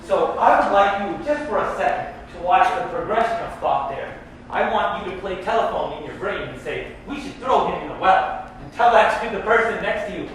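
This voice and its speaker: Male lecturer, high voice, jokey and interactive with the room, recorded from a distance in a reverberant hall. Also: fairly quick, slight background noise. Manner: joking, animated, asks audience questions. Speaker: imam teaching tafsir. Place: large echoey hall. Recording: echoey hall from far off.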